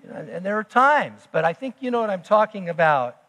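Man, pastor, high voice, emphatic sermon delivery, loud then hushed, long church hall echo. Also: expressive, quick pace, few pauses. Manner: emphatic preaching, swinging between loud and hushed. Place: church sanctuary.

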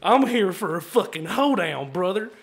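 Comedy bit: a man doing a loud, cursing, drunk Texan brawler with a put-on Texan drawl, pitched high. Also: big pitch swings, normal speed, creaky, background noise, heavily acted. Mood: angry drunk.

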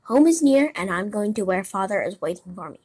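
A woman voicing Pinocchio, an eager, naive young puppet boy, in a raised, excited voice in a storybook reading. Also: a little fast, husky. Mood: earnest. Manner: high, excited and pleading.

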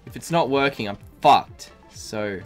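A tired man chats live while streaming a game, rambling and swearing with plenty of ums and restarts. His voice sits at an ordinary pitch. Faint music plays quietly behind him. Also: lively intonation, a little slow. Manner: rambling, profane, many fillers and restarts. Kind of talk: casual live-stream chat.

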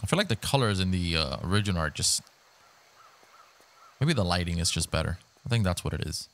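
A young man giving excitable, swearing commentary while he plays a video game on a headset mic. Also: sits low, fairly quick. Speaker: gaming YouTuber. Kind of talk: live gameplay commentary. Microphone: gaming headset.

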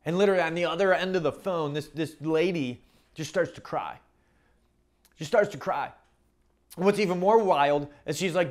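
A male pastor preaching a sermon, swinging from loud emphatic calls to quiet storytelling and repeating phrases for emphasis. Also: fairly high pitch, moderate pace. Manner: repeats "don't miss that" for emphasis.

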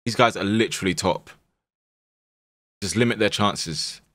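A young man streaming a football management game, shouting at his players and then dropping to low mutters. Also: measured pace, no room sound, studio quality. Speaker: gaming streamer. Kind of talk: live game commentary.

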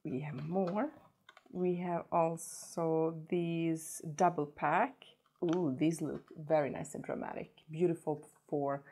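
Low-voiced woman vlogger unboxing makeup, slow and gushy, keeps saying love love love. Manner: gushing, repeats words in excitement. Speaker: beauty vlogger. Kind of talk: casual unboxing chat.

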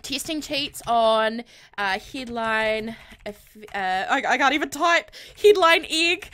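A high, lively woman doing let's-play commentary into a USB condenser mic. She gushes and squeals in a bright, sharp tone, her pitch leaping all over the place. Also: slow pace. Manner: bubbly, gushing, squeals with excitement. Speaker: gaming video creator. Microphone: USB condenser microphone.

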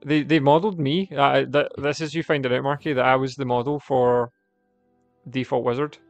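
A man's voice: medium pitch, fairly even intonation, normal speed, vocal fry, dry recording, soft background music. A man with a Scottish accent, co-hosting a gaming video and casually chatting and reading game text aloud. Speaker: gaming channel co-host. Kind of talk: casual gameplay chat.

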